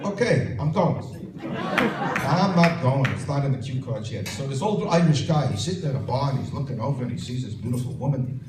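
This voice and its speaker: Man, stand-up comedy impression, punchy joke delivery, lively swooping pitch, distant mic. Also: fast talker, a crowd in the background. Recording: roomy sound from a distant mic with faint noise.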